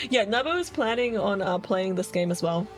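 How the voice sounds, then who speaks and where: Giggly woman streamer with a lively voice. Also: medium pitch, moderate pace, rough recording. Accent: non-standard accent. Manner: giggly, laughs constantly while reading chat. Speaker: streamer playing a game. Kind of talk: casual live-stream chat.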